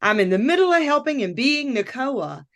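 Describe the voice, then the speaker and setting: Her voice sits high and moves at a moderate pace. As a guest on a podcast, this coach shares a personal story openly, animatedly voicing her own thoughts along the way.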